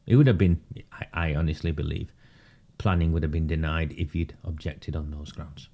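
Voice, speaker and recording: A man's voice: extremely low pitch, steady tone, normal speed, mellow. A man doing casual live commentary on local politics for his viewers. He talks in a sarcastic, mocking way and often breaks into laughter.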